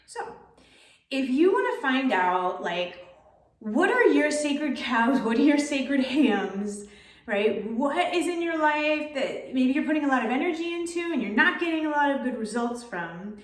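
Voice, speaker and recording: Casual female life coach with a slightly high voice, recorded from a distance in a roomy space. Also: lively intonation, unhurried. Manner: casual, keeps asking "right?". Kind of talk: storytelling and coaching talk. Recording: roomy echo, distant mic.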